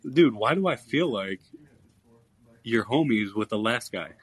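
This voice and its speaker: A man's voice: on the low side, animated, a little slow, slightly rough, no room sound. A man hosting a live call-in basketball podcast, taking callers one after another. He is blunt and easily irritated, and he stumbles through repeated words before getting his point out. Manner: blunt, irritated, stammering restarts. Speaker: podcast host. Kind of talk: live call-in sports chat.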